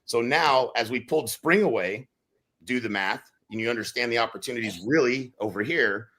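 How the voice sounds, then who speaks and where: A man speaks in a bright, forceful voice. He talks casually and keeps things animated, breaking into loud acted-out quotes as he tells stories on a podcast. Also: mid-range voice, normal speed. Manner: animated, acts out quotes with sudden loud bursts. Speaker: real estate brokerage leader on a podcast.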